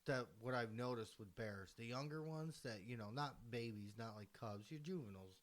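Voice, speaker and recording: A man co-hosting a casual hunting podcast, excitable and quick to laugh, swearing freely and a little tired. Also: mid-range voice. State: tired, yawning. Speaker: podcast co-host. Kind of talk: casual chat.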